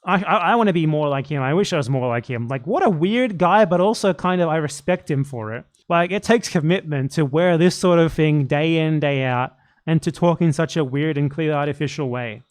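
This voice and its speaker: A man doing casual live commentary, reacting to a video with a blunt, profane, excitable rant. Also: a little high, fairly quick.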